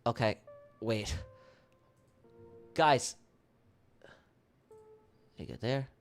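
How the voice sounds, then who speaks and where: A man hosting a live day-trading stream, talking in a brash, profane and excitable way. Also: mid-range voice, drawn-out words, soft background music. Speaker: day trader hosting a livestream.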